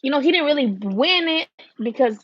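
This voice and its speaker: A woman's voice: high voice, expressive, normal speed, a bit bright, no echo. A woman hosting a casual boxing livestream at home, chatting bluntly, swearing now and then, and answering viewer comments. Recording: dull lo-fi home livestream audio.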